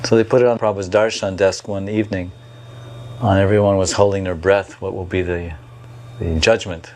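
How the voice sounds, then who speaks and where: A man recalling memories as a devotee in a measured storytelling way. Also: low voice, steady tone, a little mellow, slight background noise. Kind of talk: reflective recollection.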